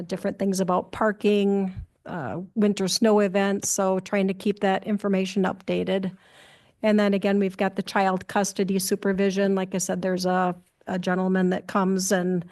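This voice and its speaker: A woman's voice: medium pitch, darkish tone. A woman who works as a police department clerk, presenting her duties at a city committee meeting in a plain, matter-of-fact way with many fillers.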